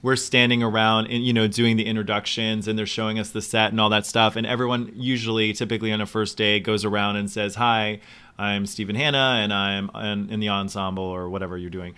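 Male performer, casual storyteller, bright and clear tone, acts out quotes. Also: on the low side, brisk. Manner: animated storyteller acting out quotes. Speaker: Broadway performer.

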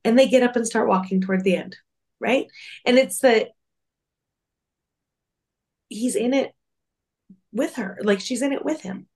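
A woman's voice: a little high, unhurried, pauses often, darkish tone. A woman co-hosting a faith-based podcast, talking earnestly and reflectively with many fillers. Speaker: podcast co-host.

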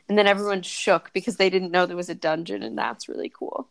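A woman's voice: mid-range voice, fairly even intonation, brisk, dry recording, rough recording. A woman co-hosting a podcast, recapping a movie plot in a sarcastic, mocking way. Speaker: podcast co-host.

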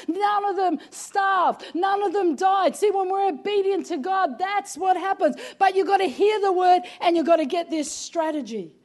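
A woman preaching a sermon with emphasis, often saying "come on" and raising her voice. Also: extremely high pitch. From Australia. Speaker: pastor.

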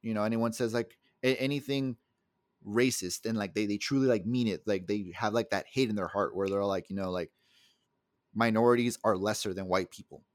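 A man's voice: lowish voice, a little fast, no room sound, studio quality. A young man from the El Paso area, co-hosting a casual podcast and telling a story in a heated, profane way. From El Paso area, USA. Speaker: podcast co-host.

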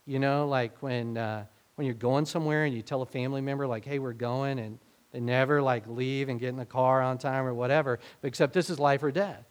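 A man's voice: mid-range voice, steady tone, a little fast. Conversational man preaching a sermon. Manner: conversational, acts out quoted speech with rising emphasis. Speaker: pastor.

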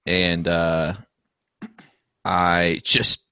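A man's voice: low-pitched, monotone, extremely slow, sharp tone, clean tone, dry recording, studio quality. A young man playing a tabletop game, playful and hesitant as he describes his moves. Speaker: player. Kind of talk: casual tabletop play.

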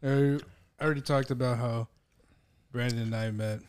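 A man's voice: mid-range voice, fairly even intonation, moderate pace, darkish tone, smooth. A young man co-hosts a casual podcast in a mid-range voice. The sound is dry and close, with no room echo. He is easygoing, gives short answers and swears now and then. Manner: easygoing, brief replies, swearing. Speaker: podcast co-host. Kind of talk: casual chat.

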